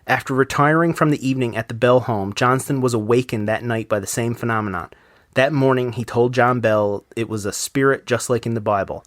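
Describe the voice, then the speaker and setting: A man's voice: medium pitch, fairly quick, no echo, clean studio sound. A man hosting a casual podcast, reading a ghost story aloud and then breaking off to comment on it with loose, swearing asides.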